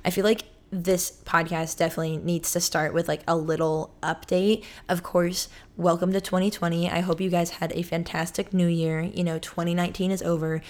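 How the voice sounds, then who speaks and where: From her apartment, a young woman in her twenties hosts a solo podcast in a rambling, chatty style, frequently cutting herself off with many "likes." Her voice is fairly low and darkish, with a level tone, moderate pace and hardly any pauses.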